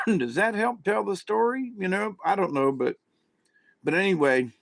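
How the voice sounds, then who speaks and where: A man's voice: high-pitched, expressive, moderate pace, vocal fry, no room sound. Rambling man in a dry close recording. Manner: rambling, many restarts. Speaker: vlogger, self-described channeler. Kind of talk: casual monologue.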